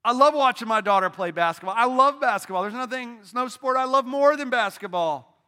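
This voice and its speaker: A middle-aged pastor preaching from a church stage in a lively, conversational way, pulling the congregation into call-and-response. His voice sits high for a man. It has a bright, forceful edge. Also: fairly quick. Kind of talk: sermon.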